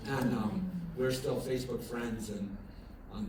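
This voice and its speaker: A male pastor gives an evening chapel sermon in a casual, storytelling way, full of ums and restarts and turning emphatic at the high points. His mid-range voice reaches the mic from far across the room. The chapel rings with heavy echo over steady room noise. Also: a little slow. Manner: conversational storytelling, many fillers and restarts; grows lively and emphatic when telling a story. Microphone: distant from the recording mic.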